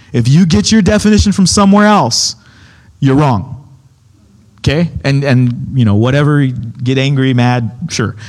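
A man teaching from the Bible in a conversational sermon, emphatic and repeating his key points. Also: mid-range voice. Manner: emphatic, keeps checking in with "okay?". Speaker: preacher.

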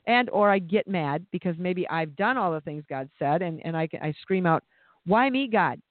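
High-voiced man preaching over a tinny line. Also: normal speed, no room sound. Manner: impassioned, repeats words when stirred. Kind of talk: sermon. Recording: dry, phone-like narrow sound.

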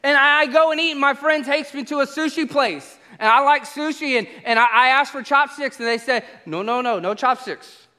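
Bright, high-voiced pastor. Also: male voice, fairly quick, few pauses. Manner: animated storyteller, acts out exchanges. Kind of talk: sermon with humorous travel stories. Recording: echoey hall reverb.

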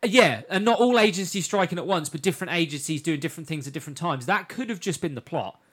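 Bright-voiced man hosting casually. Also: a little high, lively intonation, quick pace, breathy edge. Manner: recaps plots at length, laughs easily. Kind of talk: casual chat.

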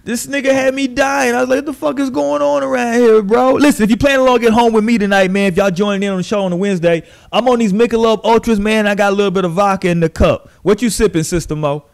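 A man hosting a podcast, telling stories in casual, profane, animated chat and mimicking the people he describes. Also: high-pitched, fast talker, few pauses. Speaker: podcast host.

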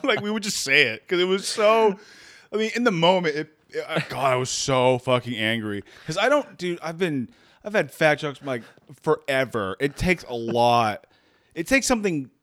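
A man with a slightly high voice tells a story in casual conversation from a makeshift home studio, in a dry recording. He's animated, laughs a lot, keeps restarting sentences, and slips into quoted voices.

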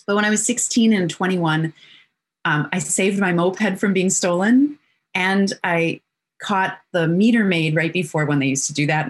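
A middle-aged woman with a somewhat low voice talks as an interview guest. She recounts personal stories openly and vividly, and she briefly plays the other people in them as she goes. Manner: animated storyteller who acts out quotes.

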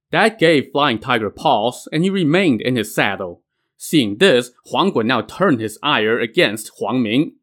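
A man's voice: medium pitch, lively intonation, moderate pace, a bit bright. A man casually retelling an old myth in wry, colloquial narration as host. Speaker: storyteller.

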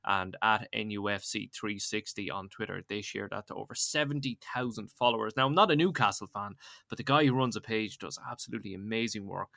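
An Irish man hosts a podcast in relaxed, chatty fashion, his voice bright and forward. He tells stories with animated energy and laughs easily. The sound is close and dry, with no room around it. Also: fairly low pitch, fairly quick, vocal fry, no room sound. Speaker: podcast host. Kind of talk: casual podcast chat.

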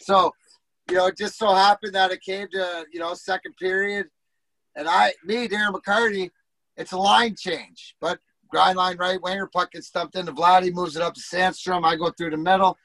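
A man's voice: high-pitched, steady tone, moderate pace, sharp tone, dry recording, rough recording. A middle-aged man, a former hockey player, telling rambling, profane locker-room stories and acting out the quotes. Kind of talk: casual storytelling.

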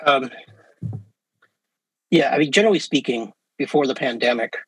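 A man's voice: mid-range voice, moderate pace, fairly bright tone, slight background noise, rough recording. A man with an English Canadian accent, a professor chatting easily as an interview guest, with many fillers and restarts. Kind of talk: casual interview talk.

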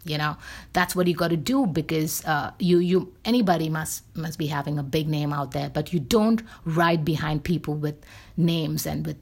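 A woman with a husky, slightly low voice talks off the cuff, airing her opinions bluntly. She rambles, restarts her sentences and leans on plenty of fillers as she goes. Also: normal speed, a little mellow. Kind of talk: casual opinion monologue.

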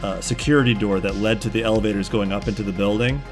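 A man's voice: fairly low pitch, steady tone, fast, music in the background. Man narrating a game, casually profane. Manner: casual, profane, rambling descriptions. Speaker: game master.

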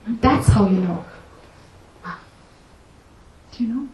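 A woman spiritual teacher telling a parable and explaining it to a group, animated and conversational, laughing often. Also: mid-range voice, slow, creaky, pauses often. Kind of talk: storytelling talk to a group. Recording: echoey room, faint noise.

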